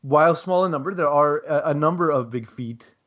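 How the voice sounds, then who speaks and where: A man's voice: a little high, brisk. Rambling man on a lo-fi podcast. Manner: rambling, filler-heavy, wry asides. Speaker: podcast co-host. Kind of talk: casual chat.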